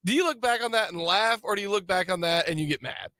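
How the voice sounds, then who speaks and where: A man's voice: sits high, animated, fast talker, bright, forceful tone, no room sound, studio quality. A man hosting a sports talk radio show, teasing his co-host and laughing often in casual banter.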